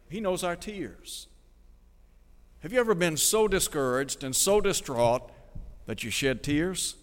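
A man's voice: a little high, a bit bright, long reverb tail. A man preaching a radio sermon, reading scripture aloud and asking his listeners direct questions in an earnest manner.

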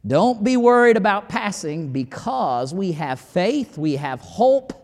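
A man's voice: high-pitched, big pitch swings, takes it slowly, darkish tone. A man preaching a sermon in a folksy, conversational way, quoting scripture. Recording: hall reverb.

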